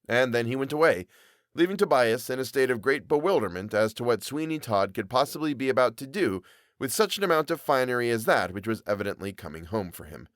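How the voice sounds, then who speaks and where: A man narrating an old serial story aloud in a measured, dramatic way. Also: medium pitch, expressive, dry recording, studio quality. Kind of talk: reading a Victorian serial aloud.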